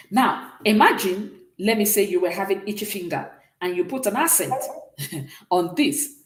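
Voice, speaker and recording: Female language teacher, animated delivery in a roomy space, keeps asking if the class is following. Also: on the low side. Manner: explanatory, checks understanding often. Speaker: French teacher. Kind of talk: classroom lesson.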